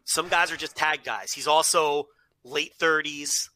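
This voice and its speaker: A man's voice: on the high side, measured pace, bright, forceful tone. A man co-hosting a casual podcast chat, laying out his case point by point. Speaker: podcast co-host.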